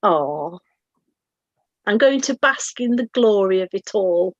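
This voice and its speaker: A woman chatting in a group, talking in halting, self-interrupting bursts. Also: medium pitch, animated, dry recording, highs cut off. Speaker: group member. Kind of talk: casual group chat.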